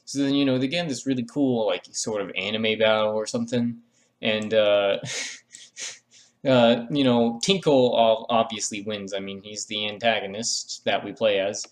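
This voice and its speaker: A man's voice: on the low side, steady tone, normal speed. A man talking through a drawing tutorial in a meandering, joking voice-over full of fillers and restarts. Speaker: art tutorial creator. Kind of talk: rambling comedic voice-over.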